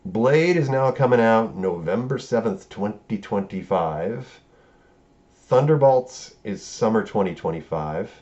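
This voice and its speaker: Casual, profane man with a low voice. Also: lively intonation, a little slow, a little mellow, dull audio. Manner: rambling, profane, acts out the characters' lines. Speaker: film reviewer. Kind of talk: casual spoken review.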